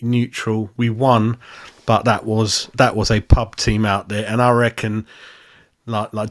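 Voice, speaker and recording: A man hosting a casual live-stream football match review, blunt and laughing, swearing and calling everyone mate. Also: medium pitch. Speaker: football fan channel host. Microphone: desk microphone.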